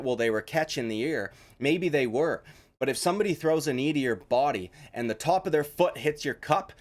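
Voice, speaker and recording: A man giving heated, profane reaction commentary on a fight interview. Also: medium pitch. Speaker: MMA commentary YouTuber.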